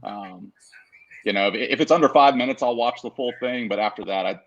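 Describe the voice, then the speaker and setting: A man's voice: medium pitch, a little fast, highs cut off. A man joining a casual interview as the guest over a video call. He talks in an easygoing way, with lots of fillers and easy laughs. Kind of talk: casual chat.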